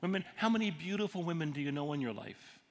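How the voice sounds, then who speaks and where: A man's voice: a little high, expressive, quick pace. Conversational man preaching in an echoing hall. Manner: conversational, quizzes the audience. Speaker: pastor and counselor. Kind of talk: sermon teaching. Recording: long hall reverb, faint noise.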